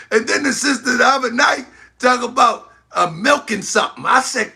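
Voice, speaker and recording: High, gravelly livestream host, man. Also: huge pitch swings, a little slow, pushed and bright. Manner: exclaiming, laughing often, talking to viewers. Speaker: host of an online talk channel. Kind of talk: livestream commentary to a chat.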